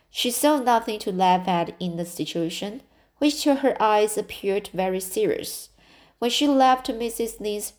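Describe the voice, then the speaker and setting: A woman reads a classic novel aloud as an audiobook. Her pace is slow and careful, with the odd stumble and self-correction. Her pitch sits mid-range. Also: a little mellow. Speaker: audiobook reader. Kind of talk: storybook narration.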